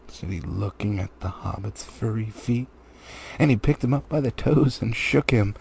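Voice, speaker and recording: A man reading a children's book aloud as a hobby, with lively, animated storytelling. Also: fairly low pitch, moderate pace, vocal fry, breathy edge. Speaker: hobby reader. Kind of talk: audiobook narration.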